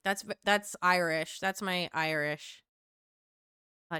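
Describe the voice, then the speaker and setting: Woman streamer, casual chat, bright and very clear voice, playful. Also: mid-range voice, unhurried. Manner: chatty, playful, swears freely.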